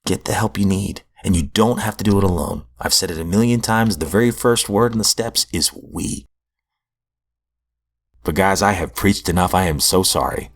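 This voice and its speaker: A man hosting a recovery podcast, telling his own story in an earnest, heartfelt, self-deprecating way. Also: deep voice. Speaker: podcast host. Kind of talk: personal recovery testimony.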